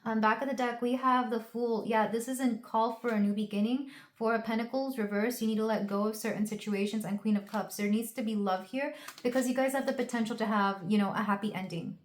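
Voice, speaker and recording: A woman's voice: fairly high pitch, fairly even intonation, fairly quick, few pauses. A young woman doing a casual tarot reading to camera, talking in an emotional, rambling way with many fillers and restarts. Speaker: tarot reader. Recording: roomy echo.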